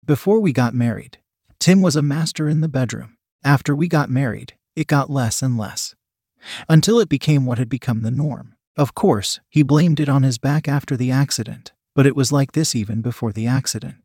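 A man reading a first-person erotic story aloud in a steady, even storytelling manner. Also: mid-range voice, normal speed, breathy edge, dry recording, clean studio sound. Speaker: narrator.

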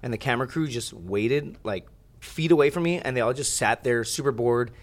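A young man telling a story as a podcast guest, in rambling, profane casual chat with lots of animated asides. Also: medium pitch, brisk.

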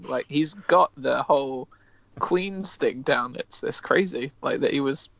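A man co-hosting a podcast in casual chat, enthusiastic and animated, swearing freely. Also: mid-range voice, a little slow, gravelly, dry recording. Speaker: podcast co-host.

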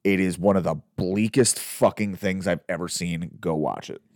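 A man's voice: deep voice, moderate pace. A young man co-hosting a podcast, chatting casually and animatedly about movies, swearing freely. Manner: animated, swearing, jumps into mock voices. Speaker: podcast co-host.

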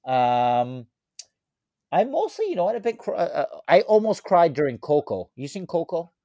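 A man in his thirties co-hosting a casual podcast chat, telling stories in a rambling, animated way. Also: on the high side, moderate pace, dry recording. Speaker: podcast co-host.

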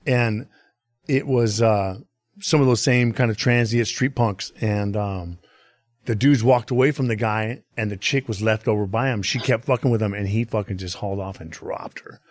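A man's voice: on the low side, normal speed, dry recording. A man on a podcast telling a story in a casual, rambling way, swearing often and leaning on filler phrases. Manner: profane, rambling, full of "you know what I mean". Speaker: podcast guest. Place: podcast studio.

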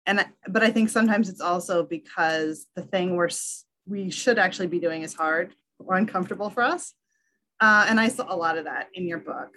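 A woman hosts a casual interview conversation, engaged and reflective, thinking aloud as she answers. Her voice sits slightly low. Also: moderate pace, sharp tone, slight background noise. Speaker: podcast host.

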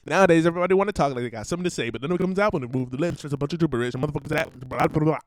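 A man's voice: a little high, rapid-fire, no room sound, poor audio. A man on a one-man stream, ranting bluntly and profanely in rambling asides that he breaks up with laughs.

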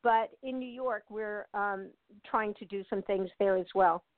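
A woman's voice: medium pitch, a little slow, dry recording. An older woman from the United States, chatting as an interview guest over a tinny phone line. She talks in easy, winding sentences full of fillers and laughter. The sound is dry and close. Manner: chatty, laughs often, many fillers and restarts. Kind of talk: casual interview chat.

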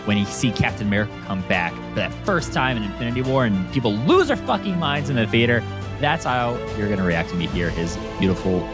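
A man hosting a podcast, talking in an excitable, animated way and swearing freely. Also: lowish voice, fairly quick, music in the background. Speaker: podcast host. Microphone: remote recording setup.

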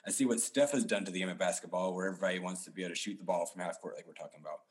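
Low-voiced man in rambling sports chat. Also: rapid-fire. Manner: rambling, many restarts and fillers. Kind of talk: casual basketball chat.

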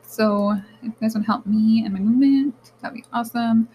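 A young woman hosting her own podcast, speaking in a candid, animated, casual monologue that often turns to swearing. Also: on the high side, normal speed, a little hiss or hum, rough recording. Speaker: podcast host.

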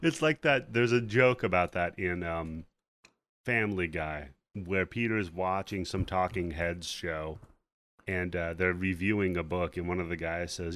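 A young podcast host casually recaps a film's plot, animatedly acting out the characters' lines in quoted voices. His voice sits low and he speaks unhurriedly.

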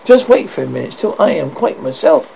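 A shaken young student in a read-aloud horror tale, jittery and hard on himself, as a man voices him. His high, creaky voice jumps around. The sound is dull and lo-fi. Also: big pitch swings, a little fast, a little mellow, slight background noise, exaggerated voice. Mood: nervous. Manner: jittery, self-reproaching.

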